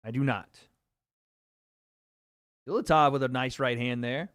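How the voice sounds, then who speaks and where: On a streaming microphone with clean, studio-quality sound and no room echo, a man hosts a casual livestream. His mid-range voice is slightly bright, and he jokes, swears, and tosses quick asides to his chat.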